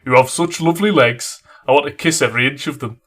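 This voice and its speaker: A man voicing a seductive male lover in a deliberately bad gruff impression, louder and higher than his own voice. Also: natural voice.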